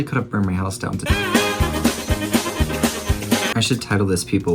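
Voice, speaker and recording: A man's voice: fairly low pitch, lively intonation, a little fast, long pauses, soft background music. A man in his twenties chatting casually in a vlog while baking at home, chatty and self-mocking, swearing freely. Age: 20s. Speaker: YouTuber.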